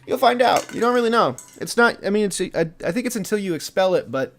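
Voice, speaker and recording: A man's voice: high-pitched, expressive, fast, slight background noise. A young man narrating as game master in a live tabletop game, rambling loosely with lots of fillers.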